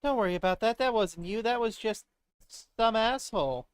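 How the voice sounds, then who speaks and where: A woman's voice: on the high side, moderate pace, clean tone, lightly acted. A woman voicing an earnest, determined young female detective in a game.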